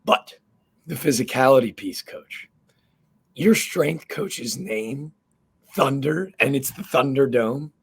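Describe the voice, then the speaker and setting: A man's voice: medium pitch, takes it slowly, breathy edge. A man hosting a sports podcast, interviewing a coach over a video call in an enthusiastic, slangy way. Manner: enthusiastic, slangy hype talk. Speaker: podcast host. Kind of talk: casual interview chat.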